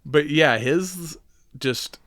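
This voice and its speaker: A man's voice: a little high, extremely slow, fairly bright tone, dry recording. A man co-hosting a podcast, chatting casually and profanely about a movie, rambling and laughing often. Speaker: podcast co-host.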